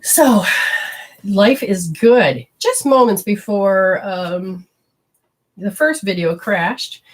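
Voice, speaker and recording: A woman spiritual teacher giving a chatty, animated live-streamed talk to viewers, acting out little quotes and swearing casually. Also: mid-range voice, very slow.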